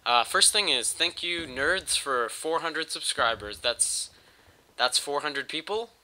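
A gaming channel host who is sick with a cold talks over his gameplay footage on a home mic, rambling and making crude jokes. His voice is on the high side, animated and sharp-toned, with a slow pace.

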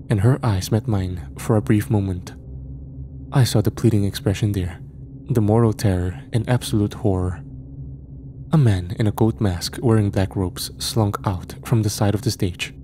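A man reading a first-person horror story as scripted narration, in a measured, grim storytelling manner. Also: fairly low pitch, warm tone, slight background noise.

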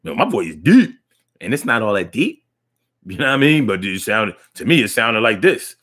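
A man's voice: fairly low pitch, very animated, normal speed, a bit bright. A man hosting a casual live-stream talk show, chatting loosely with slang and lots of restarts, reading viewer comments aloud.

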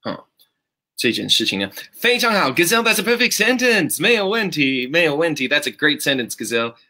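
A man with a slightly high, sharp-toned voice talks fairly quickly, his pitch swinging widely as he leads a live-streamed English lesson. He greets viewers by name in an upbeat way, praises them, and corrects their sentences. He mixes Mandarin with English.

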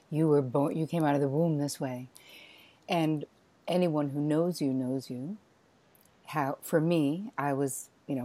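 A middle-aged woman hosting an interview, telling a lively personal story in a chatty, animated way. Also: deep voice. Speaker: podcast host.

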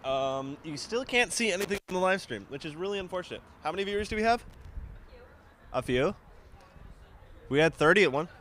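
A young man hosting a student live stream outdoors on a handheld mic, chatty and halting with many fillers. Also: high-pitched, expressive, a bit bright, a little hiss or hum. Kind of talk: casual live-stream chat. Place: outdoors on a campus.

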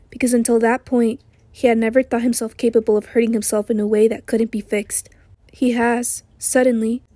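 A woman narrates an audiobook in a measured, intense way, her voice hoarse. Her tone is dark and slightly high, recorded close and dry with no room sound. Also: no room sound.

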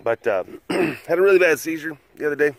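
A man's voice: on the high side, expressive, fairly quick, creaky, no room sound. A middle-aged man hosting a casual vlog, talking in a rambling, hesitant way with many fillers. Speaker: big cat sanctuary vlogger.

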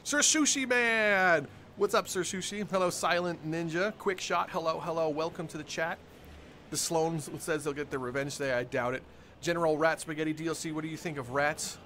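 A man's voice: fairly high pitch, fairly even intonation, brisk, a bit bright, a little hiss or hum. A young man live-streaming a game from home, cheerfully greeting his chat by name and laughing often. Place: home room with dogs nearby.

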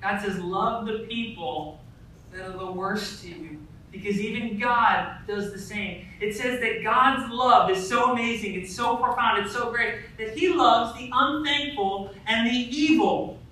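A man's voice: high voice, measured pace, pushed and bright. A man preaching a sermon as pastor, talking conversationally with frequent "right?" asides and stories about his family. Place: church sanctuary. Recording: echoey hall, voice from a distance, faint noise.

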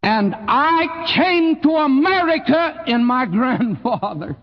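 An older man with a Texan accent preaching a sermon in a folksy, emphatic way, his voice swooping high on key phrases and dropping low. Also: sing-song, slow pace, long reverb tail, dull audio. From Texas. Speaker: pastor.

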